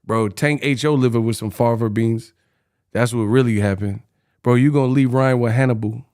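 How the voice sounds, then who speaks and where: A man's voice: mid-range voice, steady tone, normal speed, a little mellow. A man hosting a boxing commentary channel, reacting in a slangy, mocking, incredulous way.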